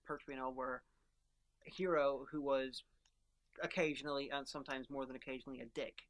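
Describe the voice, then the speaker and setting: With a very deep voice and fairly even intonation, a woman talks a little fast as she co-hosts a podcast. Her casual chat is enthusiastic fan analysis of favourite characters, rambling and full of restarts.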